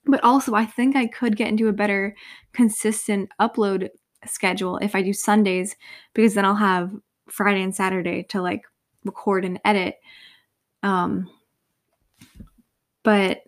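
A woman's voice: mid-range voice, normal speed, long pauses. Rambling, tired young woman podcaster. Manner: rambling, filler-heavy, lots of "like". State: tired, yawning. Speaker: podcast host. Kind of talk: casual solo podcast chat.

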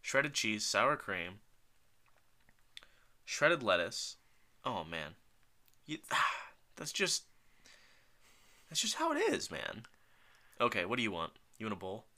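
A man's voice: fairly low pitch, expressive, slow pace, pauses often, bright, forceful tone. A young man co-hosting a podcast in casual chat, joking and thinking aloud as he orders food. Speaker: podcast co-host.

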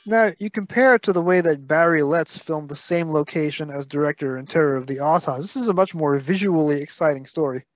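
Brooklyn-accented male co-host, brisk trivia-heavy chat, dull close recording. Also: on the high side, dry recording. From Brooklyn, New York. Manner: detailed, fact-heavy, playfully scolding. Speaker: podcast co-host. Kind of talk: casual podcast chat.

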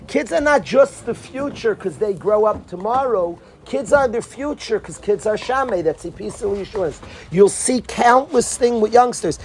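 A Torah teacher with a high-pitched, animated voice gives an informal talk at normal speed with few pauses, and the audio is poor with slight background noise. He tells stories with energy, acts out the people he quotes, and sprinkles in Yiddish and Hebrew terms.

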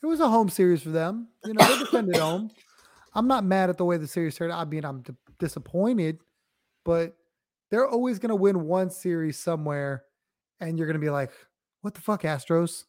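A man's voice: high voice, expressive, brisk. A man co-hosting a sports podcast, explaining plays in laid-back slang. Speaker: guest co-host. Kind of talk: casual sports chat.

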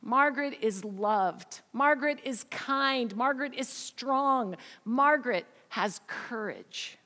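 A woman voicing a gentle but firm counselor who talks in a soft, coaxing, drawn-out way. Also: fairly high pitch. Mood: gently coaxing. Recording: long hall reverb.

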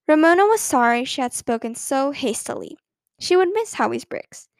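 A woman reads a children's storybook aloud with an expressive, lively delivery. Her voice is high and the sound is close and dry, with no room around it. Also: moderate pace, gravelly, dry recording. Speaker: narrator.

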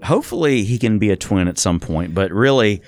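A man's voice: fairly low pitch, brisk, dry recording, clean studio sound. A man hosting a casual sports talk show, running through game stats. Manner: reads off stats in a steady rundown.

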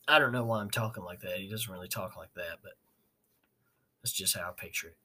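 A man's voice: sits low, brisk, bright, forceful tone, slight background noise. A man hosting a podcast, rambling casually, laughing and swearing. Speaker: podcast host. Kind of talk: casual chat.

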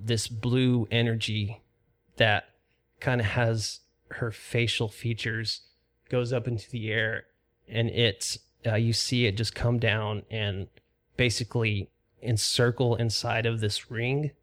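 A man narrating a tabletop role-playing game as game master, describing scenes in a calm, even way with fillers. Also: lowish voice, slow pace.

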